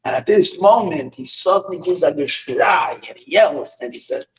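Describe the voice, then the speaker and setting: A man, a rabbi, telling stories in a halting lesson, with many restarts. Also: fairly high pitch, expressive, slight background noise. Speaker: rabbi teaching. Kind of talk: storytelling lesson. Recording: dull recording, far from the mic.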